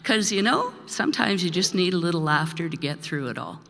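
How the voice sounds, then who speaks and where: A woman's voice: fairly low pitch, sing-song, brisk, fairly bright tone. An older woman from Manitoba, Canada, introducing her song to a live audience in a rambling storytelling way, laughing often. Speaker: singer-songwriter introducing a song. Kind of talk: chatty onstage song introduction. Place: live performance in a church hall. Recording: reverberant hall with faint music.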